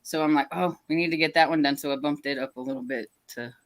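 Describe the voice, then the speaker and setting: A low-pitched woman hosts a relaxed reading livestream. She talks in a loose, chatty way and reads viewer comments aloud between her own asides. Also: fast talker. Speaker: channel host. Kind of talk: casual livestream chat.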